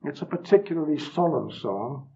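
A man preaching a solemn, emphatic sermon, his voice swinging from loud declarations to hushed words. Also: on the high side, very animated, normal speed, vocal fry, husky. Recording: dull lo-fi recording.

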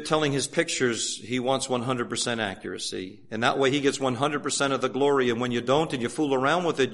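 A man with a mid-range voice preaches emphatically, firing off rhetorical questions and swinging from loud urging to hushed asides.

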